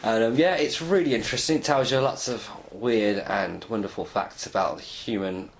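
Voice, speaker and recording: A man of thirty, co-hosting a casual podcast and explaining a book in a rambling, animated way. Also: lowish voice, moderate pace. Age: 30s. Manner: animated, laughs often, explains at length. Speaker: podcast co-host. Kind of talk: casual chat.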